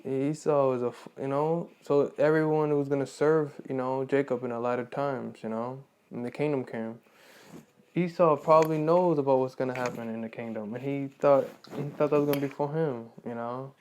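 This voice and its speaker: A man reading scripture aloud quietly and breaking off into casual spoken commentary, full of "you know". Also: steady tone, normal speed, smooth. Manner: quiet, low reading of scripture, louder and livelier in his asides; leans on "you know" constantly.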